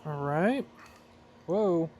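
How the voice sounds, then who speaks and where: A man's voice: a little high, expressive, drawn-out words, darkish tone, a little hiss or hum. A man talking casually while he builds and solders at his workbench, thinking aloud and correcting himself as he goes. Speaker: hobbyist building a flight-sim throttle. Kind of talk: casual workshop tutorial.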